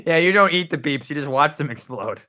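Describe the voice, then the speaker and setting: A man's voice: on the high side, expressive, pushed and bright. A young man hosting a podcast, chatting casually and joking playfully. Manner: playful, quick to joke and tease. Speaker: podcast host.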